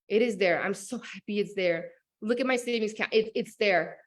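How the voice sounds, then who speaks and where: A woman speaks in a casual, animated coaching talk, her voice sitting at an everyday middle pitch. She peppers her lines with fillers and restarts as she urges listeners on. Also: normal speed. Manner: animated, lots of fillers like "like" and "oh my God". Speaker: business and manifestation coach.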